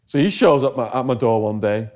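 A man's voice: mid-range voice, fairly quick, darkish tone, muffled recording. A middle-aged English man telling a long story in a casual interview, acting out the voices of the people he quotes. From England. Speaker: interview guest.

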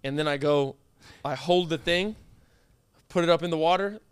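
A man's voice: a little high, moderate pace, clean tone, dry recording. A young man co-hosting a podcast, teasing in a blunt, sarcastic, exasperated way. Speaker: podcast co-host. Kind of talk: casual chat.

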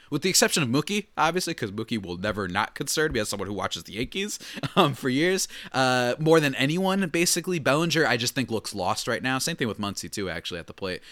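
A man's voice: fairly low pitch, sharp tone, no echo. A man hosting a solo sports podcast, talking casually and animatedly with lots of fillers and restarts. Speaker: podcast host.

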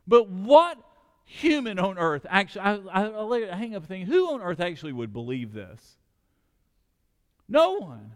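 A man preaching a sermon as pastor, animated, with quick restarts and acted-out quotes. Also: sits high, big-room sound. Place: church sanctuary.

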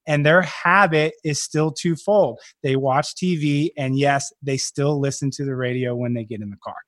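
A man's voice: mid-range voice, moderate pace, a bit bright, no echo, studio quality. A man, a real estate investor and guest on a podcast, explaining his business in confident, structured points. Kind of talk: podcast interview.

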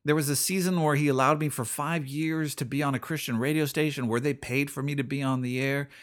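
A man's voice: a little high, fairly bright tone. A middle-aged man hosting a podcast, giving an earnest personal faith reflection that often repeats phrases and restarts his sentences. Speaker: podcast host.

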